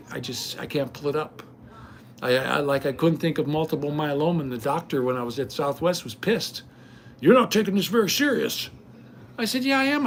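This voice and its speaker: Rambling folksy older man. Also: on the high side. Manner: folksy, rambling, frequent restarts and stammers. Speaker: vlogger. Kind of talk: casual rambling chat to viewers.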